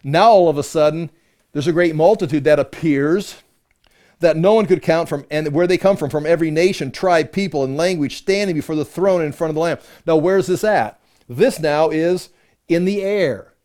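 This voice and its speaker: A man's voice: on the high side, moderate pace, a little mellow. A man teaching a conversational Bible-study sermon, reading verses aloud with emphasis and explaining them with rhetorical questions.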